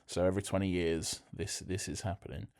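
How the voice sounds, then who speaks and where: Podcast co-host, man, lowish voice, deadpan and foul-mouthed in casual chat. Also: fairly quick, gravelly. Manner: crude, deadpan banter with heavy swearing.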